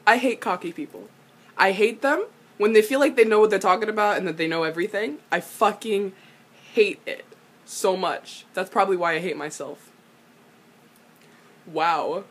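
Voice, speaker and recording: A young woman recapping a TV episode in a casual, animated way, exclaiming, swearing and laughing often. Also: medium pitch, normal speed, long pauses. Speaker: vlogger.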